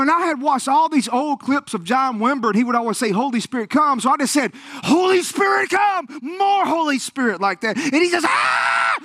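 A male preacher telling a healing story in a sermon, animated and acting out the quotes. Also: very high-pitched, no room sound, studio quality. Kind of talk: sermon testimony.

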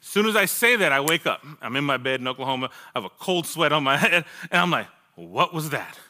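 A male pastor with a very bright, ringing voice pitched a little high. He preaches by telling his own story, playing out his past words and laughing at himself along the way. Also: animated, fast. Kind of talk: sermon with personal testimony.

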